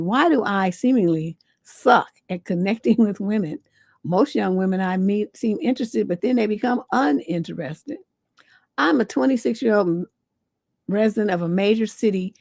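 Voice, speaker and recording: A woman's voice: medium pitch, a little mellow, dry recording. A woman hosting a livestream as a relationship coach. She talks in a blunt, sassy way and swears freely. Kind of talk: livestream advice show.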